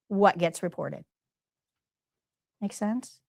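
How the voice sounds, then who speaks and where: A woman's voice: on the high side, lively intonation, measured pace, no room sound. A middle-aged woman teaching a live nursing class, emphatic, repeating key points and quizzing her students. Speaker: nursing instructor.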